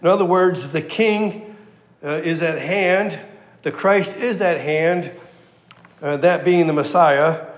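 Man, preacher, conversational sermon, emphatic, slightly high pitch, roomy echo. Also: measured pace. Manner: conversational and emphatic, acts out quotes. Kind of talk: sermon, verse-by-verse Bible teaching.

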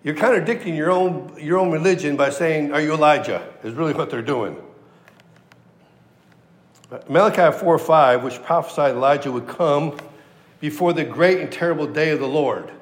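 A man's voice: a little high, moderate pace, reverberant, big-room sound. A male preacher giving a conversational, emphatic verse-by-verse sermon. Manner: conversational and emphatic, acts out quotes. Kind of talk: sermon, verse-by-verse Bible teaching.

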